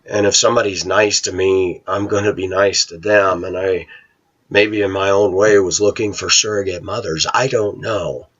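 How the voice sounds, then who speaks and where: A man's voice: low-pitched, steady tone, moderate pace, a bit bright, slightly rough, muffled recording. A middle-aged man with a blunt, ranting manner, talking casually to viewers in a vlog. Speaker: vlogger.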